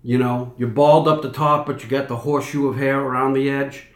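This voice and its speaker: A man in his fifties with a Boston accent talks straight to his camera in a loose, rambling vlog chat. He keeps cutting himself off and restarting his thoughts. His mid-pitched voice rings in an echoey room. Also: steady tone, brisk. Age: 50s. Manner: rambling, self-interrupting. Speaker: vlogger.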